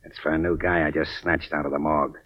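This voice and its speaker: An actor playing a ruthless undead gang boss, gruff and sneering with tough-guy slang, in 1940s radio acting on a dull old recording. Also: very deep voice, little pitch movement, fast talker. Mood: menacing.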